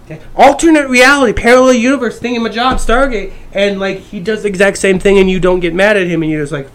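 A man ranting on his channel in a brash, profane way, swinging from shouts to mutters. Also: high voice, fast, few pauses. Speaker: YouTuber. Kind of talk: casual ranting monologue.

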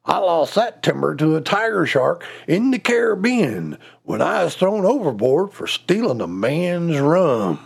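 A man's voice: a little high, big pitch swings, measured pace, gravelly, few pauses, breathy edge, heavily acted. A man voicing a grizzled old male pirate who growls "arr" before he answers, in a told joke. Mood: gruff.

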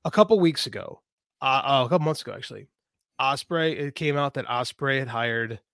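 A man's voice: mid-range voice, animated, fairly quick, a bit bright, no echo, clean studio sound. A man co-hosting a podcast, giving emphatic, ranting opinions in casual talk. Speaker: podcast co-host.

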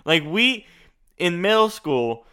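A man's voice: sits high, big pitch swings, takes it slowly, pushed and bright, clear, resonant tone. A young man co-hosting a casual podcast, talking emphatically and with strong opinions. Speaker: podcast co-host. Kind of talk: casual chat.

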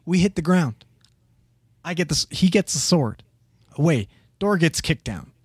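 A man's voice: a little high, unhurried, husky, no echo, clean studio sound. A young man who works as a paramedic, telling a wild work story in a casual, profanity-laced way and acting out the people in it. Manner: profane, animated, acts out the people in his story.

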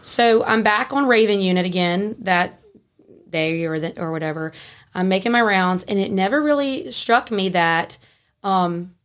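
A woman, a podcast guest telling a story in a frank, animated way and laughing easily. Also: medium pitch, unhurried. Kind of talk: casual storytelling.

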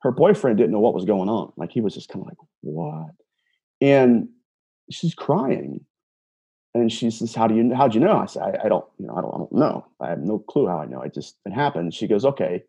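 A man's voice: lowish voice, expressive, fast, hardly any pauses, dark tone, husky, muffled recording. A man telling a personal story in an earnest, casual way, recounting a conversation line by line with many repeated words and restarts. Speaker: self-described empath telling a personal story.

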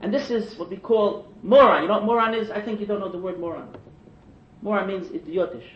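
A man preaching a sermon through stories, animated and climbing to shouted emphasis. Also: high-pitched, fairly quick. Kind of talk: sermon storytelling. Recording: echoey and dull lo-fi.

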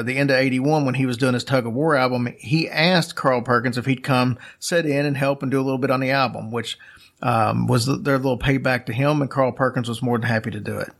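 A man at an ordinary, middle pitch tells a long story in an easygoing way. He rambles a little, backs up and restarts his sentences, and leans on fillers as he goes. It comes across as relaxed podcast talk. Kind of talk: casual storytelling.

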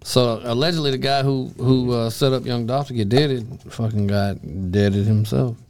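A man's voice: mid-range voice, steady tone, moderate pace. A man co-hosting a podcast, chatting casually and profanely while playing cards and telling stories. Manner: profane, loud trash-talking storyteller. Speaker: podcast co-host. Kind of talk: casual chat over a card game.

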